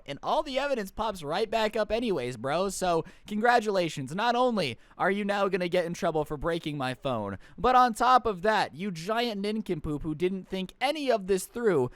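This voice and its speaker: A young man telling a high school story in a sarcastic, animated, slangy way. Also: no room sound. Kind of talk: storytime narration, casual.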